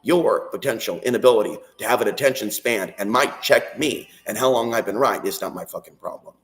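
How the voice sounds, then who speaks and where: A man's voice: on the low side, brisk, fairly bright tone. A man delivering an intense, rambling spiritual monologue and prayer on his own channel, swearing freely. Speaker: channel host. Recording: echoey.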